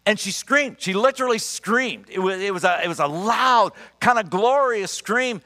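A middle-aged man preaching a sermon, telling stories in an animated, emphatic and earnest way. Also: high-pitched, normal speed. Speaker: pastor. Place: church sanctuary. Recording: long reverb of a large church hall.

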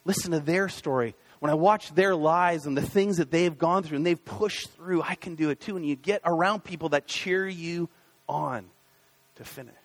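A man's voice: on the high side, normal speed. A man in his thirties preaching a casual, conversational sermon as a pastor, full of fillers and acted-out inner thoughts. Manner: conversational, many fillers and restarts, acts out inner voices.

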